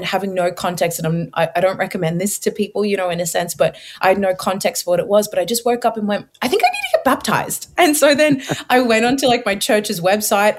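A young woman, telling her personal faith story as an interview guest, lively and casual with many fillers, acting out her own past words. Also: medium pitch. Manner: animated storyteller, acts out her past self in quotes; casual filler-heavy speech. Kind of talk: personal testimony in conversation.

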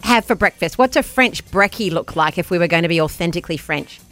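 A woman co-hosting a breakfast radio show, bubbly and quick to laugh, joking around in playful morning banter. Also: on the low side, animated, a bit bright. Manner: bubbly, laughs often, jokingly puts on a French accent.

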